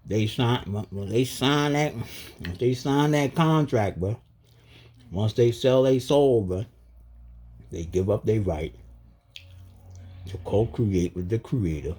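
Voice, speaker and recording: A man vlogging in a casual, emphatic rant full of street slang, with a husky voice. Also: on the low side, takes it slowly, pauses often, darkish tone. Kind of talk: casual monologue.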